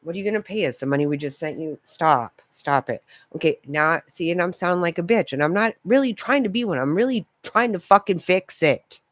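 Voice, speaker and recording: Animated and quick, with few pauses, this woman speaks in a lowish voice during a casual vlog rant. Her frequent swearing and laughter come through a close, dry recording with no echo.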